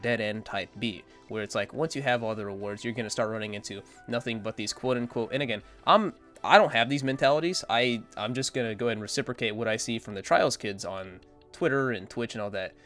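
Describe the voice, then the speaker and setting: A man's voice: medium pitch, brisk, few pauses, a bit bright, faint music behind. A man giving casual, rambling opinion commentary as a gaming content creator, blunt and dismissive.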